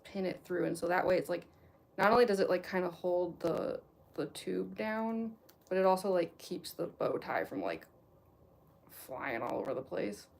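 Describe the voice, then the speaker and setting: Gravelly-voiced young woman rambling casually. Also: lowish voice, animated, normal speed, a little mellow. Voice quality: lisp from costume teeth. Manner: rambling, many fillers and restarts, chuckles often. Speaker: cosplayer livestream host. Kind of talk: casual chat while getting into costume.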